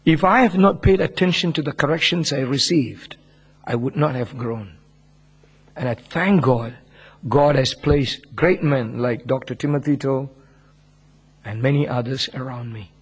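A man's voice: medium pitch, unhurried, slightly rough. A man preaching a sermon, telling a personal story in an earnest, reflective way.

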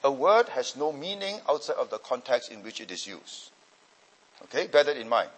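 A very animated man with a medium-pitched, breathy-edged voice speaks at normal speed. He is a pastor and Bible teacher answering students' questions in a teaching session, with an explanatory style and frequent checks that people are following along. Expect long hall reverb.

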